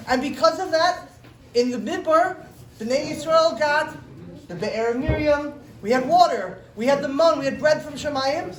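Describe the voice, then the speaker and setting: A woman telling a story to children in a synagogue hall, animated and stopping to ask them questions. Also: high-pitched, normal speed. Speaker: storyteller at a children's learning program. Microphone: distant room mic. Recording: roomy hall from far off, faint ambience.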